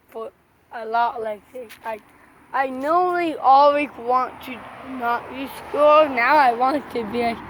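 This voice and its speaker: High-voiced, excitable young woman vlogger. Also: a little hiss or hum. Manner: excitable and chatty, shouts at passing trucks. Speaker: truck-spotting vlogger. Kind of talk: excited roadside commentary. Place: roadside outdoors by traffic.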